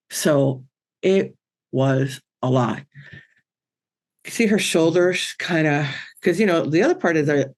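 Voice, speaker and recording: A chatty woman tells a personal story as an interview guest. She talks in an earnest, conversational way. Her speech is full of ums, restarts and asides. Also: sits low. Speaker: spiritual medium guest.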